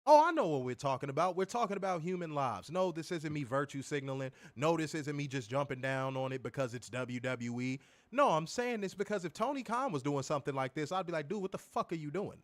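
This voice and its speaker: A man's voice: on the high side, lively intonation, a little fast, hardly any pauses. A man co-hosting a wrestling podcast, ranting heatedly with plenty of profanity in a casual, fired-up way.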